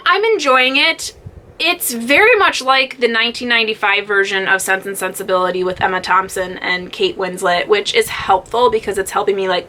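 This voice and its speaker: Young woman book vlogger, casual rambling chat, bright, slightly high voice. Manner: chatty, rambling with fillers and laughs. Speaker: booktube vlogger.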